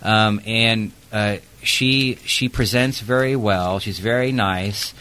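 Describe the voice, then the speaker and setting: A man's voice: on the low side, steady tone, slow pace, bright, forceful tone, slight background noise. A man who works as an investigator, telling a work story in a chatty interview with plenty of fillers. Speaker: protective services investigator.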